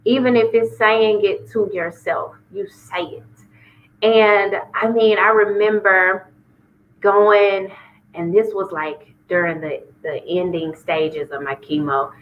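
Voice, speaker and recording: A woman from Memphis, sharing a personal testimony as an interview guest and acting out dialogue with sudden jumps in pitch. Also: slow, highs cut off. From Memphis, Tennessee. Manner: animated storyteller, acts out dialogue with lively pitch jumps. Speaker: guest singer sharing her story.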